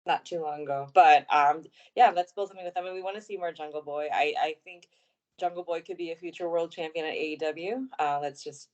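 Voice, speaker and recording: Low-voiced woman musing on wrestling. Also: steady tone, fairly quick, darkish tone, muffled recording. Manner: thinks aloud with hesitant fillers. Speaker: podcast co-host. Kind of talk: casual wrestling news chat.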